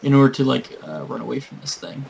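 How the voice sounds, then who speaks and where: A man's voice: medium pitch, expressive, fast talker, gravelly, a little mellow, slight background noise, poor audio. Male gamer, casual rambling storyteller with lots of fillers and swearing. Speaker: gamer and tabletop game master. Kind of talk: casual storytelling while playing a game.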